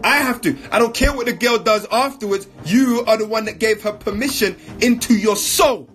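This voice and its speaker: A man's voice: sits high, normal speed, fairly bright tone, faint music behind. A man giving an emphatic, repetitive motivational talk in slang while answering audience questions.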